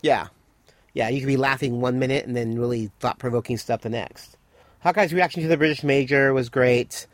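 A man's voice: medium pitch, steady tone, brisk, no echo. Enthusiastic man in casual chat, dry sound. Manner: enthusiastic, fills gaps with "I mean" and "you know". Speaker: podcast co-host. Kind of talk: casual chat reviewing a TV episode.

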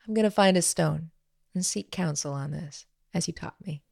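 A playful, good-humored man teases a friend in a low, slightly gravelly voice, read by a woman. Gentle and easygoing, a storybook figure. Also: normal speed, no room sound, studio quality. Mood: teasing. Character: teasing, warm-hearted man, a trader.

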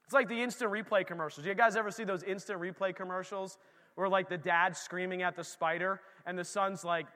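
A pastor preaching a lively, conversational sermon in a church, talking straight to his congregation. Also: sits high, brisk, long reverb tail.

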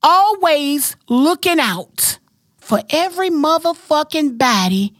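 A woman's voice: high-pitched, very animated, takes it slowly, no echo, studio quality. A woman hosting a casual podcast, talking bluntly, profanely and emphatically. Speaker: podcast host.

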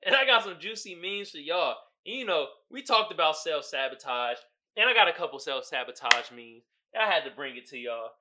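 A man's voice: a little high, expressive, a little fast, pushed and bright. A man hosting a podcast, recapping a movie in a casual, profane, storytelling way with frequent laughter. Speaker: podcast host.

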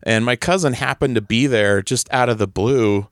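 A man's voice: mid-range voice, normal speed, dry recording, studio quality. A man telling stories in a casual chat, laughing often and acting out the people he quotes. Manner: storytelling, laughs often, acts out quoted voices.

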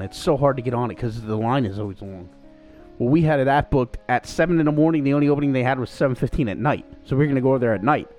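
A man telling a story in casual chat on a podcast, acting out quotes in a higher voice. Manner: animated, acts out quotes in a higher voice. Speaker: podcast co-host.

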